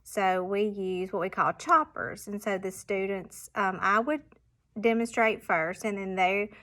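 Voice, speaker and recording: A woman primary school teacher explaining reading exercises to parents, patiently sounding out example words with clear emphasis. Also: medium pitch, steady tone, a little slow, a bit bright.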